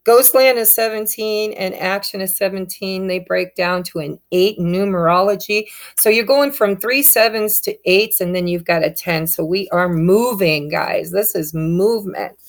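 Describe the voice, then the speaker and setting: A woman's voice: mid-range voice, normal speed, hardly any pauses. A woman giving a casual tarot reading, speaking straight to her viewers in an upbeat, encouraging way. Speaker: tarot reader.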